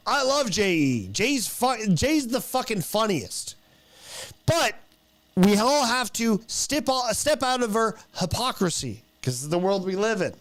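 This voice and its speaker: A man's voice: sits high, big pitch swings, a little slow, fairly bright tone. A young adult man, a podcast host and stand-up comic, chatting casually and profanely, rambling with restarts. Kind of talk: casual chat.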